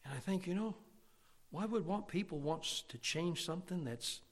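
A man preaching a sermon as pastor, emphatic, his loudness rising and falling. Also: sits high, moderate pace. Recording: long hall reverb.

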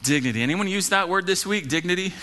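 A male pastor preaching an earnest sermon, swinging between loud urging and hushed low lines. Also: expressive, quick pace.

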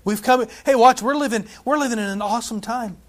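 A man preaches a lively sermon to his congregation. His voice sits high for a man, and he swings between emphatic, drawn-out scripture reading and easy conversational asides. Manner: animated preaching, scripture read aloud with emphasis, asides and laughs. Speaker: pastor.

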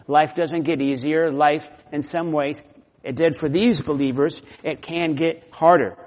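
A man's voice: fairly high pitch, darkish tone. A man preaching a sermon with earnest, conversational delivery and personal stories. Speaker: pastor. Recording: long hall reverb.

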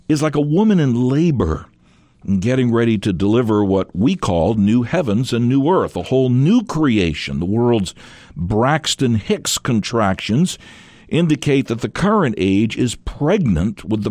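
A man's voice: medium pitch, darkish tone, no room sound. A man teaching a radio sermon in an earnest, emphatic way, leaning hard on key words.

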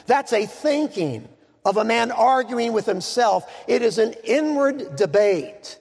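Male preacher, high gravelly voice, dramatic sermon with joking asides, reverberant hall. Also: expressive, a little mellow. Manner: dramatic, slows down to stress words, joking asides.

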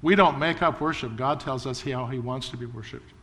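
A man's voice: medium pitch, a little fast, fairly bright tone, big-room sound. A man preaching a sermon as pastor, earnest and building emphasis through repetition. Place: church sanctuary.

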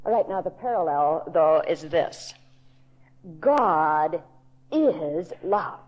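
A woman Bible teacher giving a sermon in a deliberate, emphatic storytelling manner. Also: deep voice, lively intonation, darkish tone. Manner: slow, deliberate, emphatic storytelling with quoted voices. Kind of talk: recorded sermon to a women's audience. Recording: dull lo-fi tape recording.

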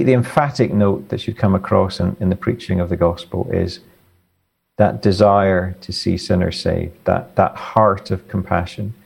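A man answering theological questions in an interview, earnest and halting, often repeating words. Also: low-pitched, gravelly, a little mellow, husky. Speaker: author and guest.

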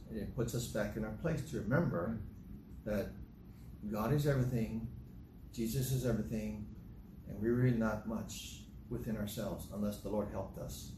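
An older man, a grandfather, preaching a sermon in an animated way and acting out bits of dialogue. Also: lowish voice. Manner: animated, acts out dialogue in different voices. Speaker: pastor. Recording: echoey room with noticeable noise.

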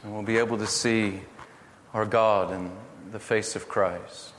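A middle-aged man preaching a sermon, telling family stories in an earnest, gently humorous way. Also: on the low side, fairly even intonation, unhurried. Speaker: pastor. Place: church hall. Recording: echoey hall from far off, faint noise.

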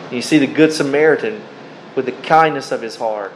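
Man, preacher, sermon, short deliberate phrases, scripture reading, faint air-conditioning hum. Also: mid-range voice, poor audio. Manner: addresses listeners as beloved, pauses between short phrases.

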